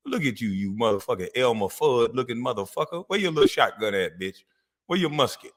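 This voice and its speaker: A profane, confrontational man hosts a heated livestream. His voice is bright and forceful and swings widely in pitch. It carries a long reverb. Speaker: show host.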